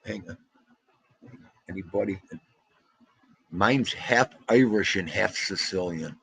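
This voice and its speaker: A middle-aged North Jersey man talks off the cuff on a livestream, rambling and animated, with Italian-American slang. His voice is gravelly and a little husky, and his pitch swings a lot. It sounds dry and close to the mic. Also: slow pace, no echo. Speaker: livestream host reading chat. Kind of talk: casual livestream chat.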